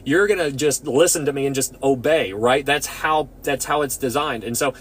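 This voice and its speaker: Guy teaching bible study, casual and excited, rambles and restarts a lot, middle pitch. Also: normal speed, slight background noise.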